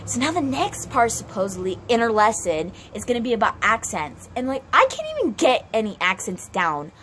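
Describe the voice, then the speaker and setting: A woman's voice: fairly high pitch, big pitch swings, fairly quick, a bit bright, slight background noise. A woman playing a grumpy young female Spanish student who whines and rambles about her teacher. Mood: frustrated. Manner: whiny, complaining, rambling.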